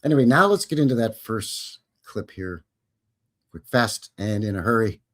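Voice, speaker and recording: A man's voice: on the low side, lively intonation, normal speed, a bit bright. A man hosting a live stream, reading viewer comments aloud and joking casually while commenting on film clips. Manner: jokey, chatty, reads viewer chat aloud.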